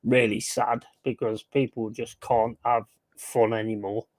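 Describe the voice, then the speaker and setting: A man's voice: medium pitch, flat delivery, measured pace, a little mellow, dry recording, low-quality recording. A man hosting a casual watch-along chat, blunt and opinionated, swearing freely and reading out viewer comments.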